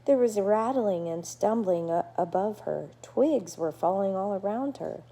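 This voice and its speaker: A woman teacher reading a chapter book aloud to her class, gentle and explanatory. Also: medium pitch, lively intonation, measured pace, vocal fry.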